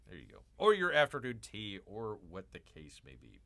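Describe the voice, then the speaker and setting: Animated, bright-voiced joking male streamer. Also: lowish voice, moderate pace. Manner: joking, calls himself Bear in third person; rambling, repeats lines and drifts into asides. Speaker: livestream host. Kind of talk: casual livestream commentary.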